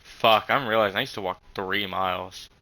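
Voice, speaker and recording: A young man telling a rambling story in casual chat, halting with many fillers and frequent swearing. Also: fairly low pitch, creaky, sharp tone, low-quality recording.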